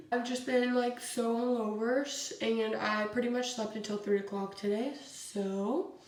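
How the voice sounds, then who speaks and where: A young woman talks through her makeup routine in a chatty, rambling vlog style, filling her sentences with "like." Her voice sits a little high and carries room echo from some distance off the mic. A faint hiss stays under everything. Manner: chatty storytelling, fills with "like" constantly. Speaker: beauty vlogger. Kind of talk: casual chat while doing makeup.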